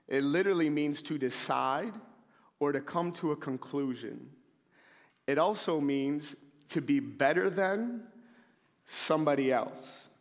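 Animated preacher in a reverberant hall. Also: male voice, fairly high pitch. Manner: animated storyteller, acts out shouting scenes. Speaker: pastor. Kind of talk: sermon. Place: church sanctuary.

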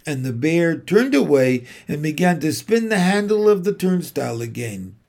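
A man reading a children's storybook aloud in an unhurried, expressive way. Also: a little high, gravelly. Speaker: audiobook narrator.

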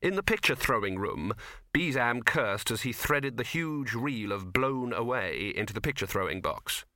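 Male audiobook narrator, wry delivery, lively pitch, bright tone, dry close recording. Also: moderate pace, no room sound. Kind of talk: scripted narration.

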